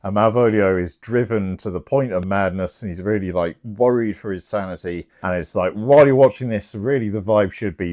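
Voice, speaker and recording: A man's voice: fairly low pitch, a little fast, few pauses, a little mellow. A young man casually retelling a plot, chatty and irreverent, swearing now and then. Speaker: channel host.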